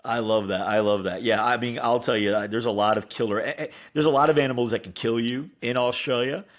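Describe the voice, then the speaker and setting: A man's voice: mid-range voice, steady tone, fast talker. A man from the United States hosting a podcast, chatting casually and laughing often. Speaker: podcast host.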